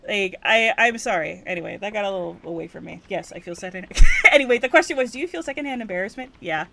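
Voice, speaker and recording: A woman's voice: medium pitch, animated, quick pace, creaky, bright, forceful tone, dry recording. A young woman from Hawaii chatting casually on a game livestream, cursing freely and getting worked up as she rants. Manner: profane, rants and gets worked up. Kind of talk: casual gaming stream chat.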